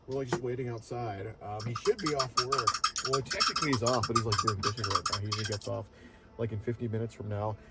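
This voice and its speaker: A man's voice: medium pitch, fast. A man streaming casually, chatting and joking with viewers, peppering his speech with "like". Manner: joking, chatty, uses like a lot. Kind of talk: casual livestream talk. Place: outdoors at night. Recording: loud background noise.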